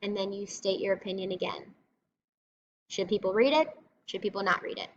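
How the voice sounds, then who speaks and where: Here a woman speaks fairly quickly at a medium pitch, teaching a recorded classroom reading lesson. She patiently breaks things down step by step and keeps an encouraging tone. The recording is lo-fi, slightly dull, with faint noise.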